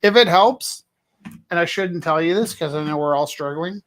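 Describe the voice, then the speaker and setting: A man's voice: on the high side, moderate pace, fairly bright tone. A man running a casual live art auction, chatty and earnest, wandering from bids into asides about the gallery.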